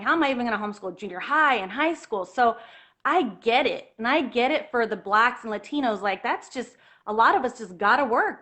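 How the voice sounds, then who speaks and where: A woman telling a personal story in an earnest, animated way, at times close to tears. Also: a little high. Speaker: guest telling her story.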